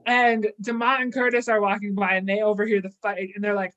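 A woman's voice: medium pitch, a little fast, dull audio. A woman co-hosting a casual podcast, recapping a TV episode and acting out the characters' lines as she goes. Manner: animated storyteller, acts out quotes. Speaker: podcast co-host.

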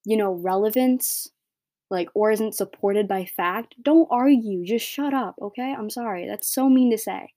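Teen girl podcaster, blunt rambling rant, warm voice, dry close sound. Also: mid-range voice, a little slow, no echo. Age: teens. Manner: blunt, rambling, heavy filler words. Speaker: podcast host. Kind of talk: solo opinion rant.

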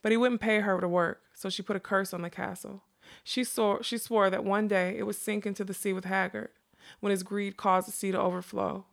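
A woman voicing a wry middle-aged male magician in a novel read aloud, speaking in a hushed, measured way. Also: medium pitch, steady tone, creaky, natural voice.

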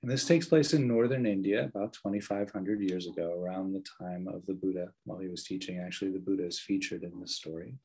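Male meditation teacher, low husky voice, gentle earnest storytelling. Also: fast talker, hardly any pauses, low-quality recording.

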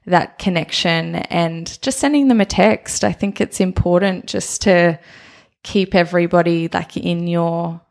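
A woman guest in a relaxed podcast chat, with a low voice and plenty of gravelly fry. She runs her own business and talks about it thoughtfully. She is agreeable and affirming toward her host. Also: measured pace. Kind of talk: casual conversation.

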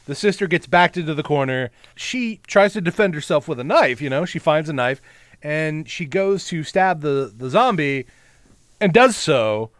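A man's voice: fairly high pitch, expressive, normal speed, no room sound. A man co-hosting a podcast, recapping a horror film with wry, jokey asides. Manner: wry, jokey asides with lots of "you know". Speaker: podcast co-host. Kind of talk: casual film-recap chat.

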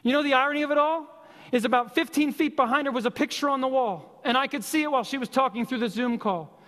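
High-voiced impassioned male preacher. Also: a bit bright, in a large hall. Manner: impassioned, repetitive exhortation with slow emphatic stresses. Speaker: pastor. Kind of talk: sermon.

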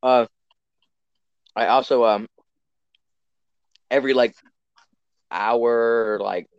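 A man's voice: medium pitch, fairly even intonation, extremely slow, clean tone, no room sound, lo-fi sound. A teenage boy co-hosting a casual podcast, rambling, swearing often and restarting his sentences. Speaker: podcast co-host. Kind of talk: casual chat.

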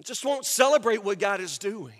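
A man preaching a sermon as pastor, swinging from quiet asides to loud rising peaks. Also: high voice, animated, moderate pace. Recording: long hall reverb.

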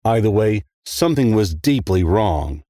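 A man narrating a first-person horror story in a steady, measured way. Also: fairly low pitch, no room sound, studio quality.

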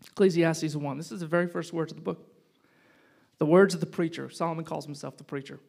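A man with a notably high voice gives a relaxed, chatty sermon full of asides and jokes. He swings between loud, punchy lines and quiet, hushed reflection. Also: brisk, gravelly. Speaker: pastor. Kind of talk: casual sermon.

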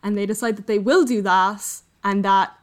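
A woman's voice: mid-range voice, fairly even intonation, moderate pace. A woman co-hosting a podcast, casually retelling a book's plot and acting out the characters' lines. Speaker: podcast co-host. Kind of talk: casual book discussion.

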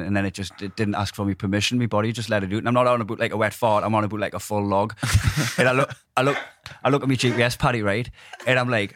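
A man's voice: medium pitch, steady tone, fast talker, a bit bright, a little hiss or hum. A man, a comedian telling a sweary story with lots of laughter in a casual podcast chat.

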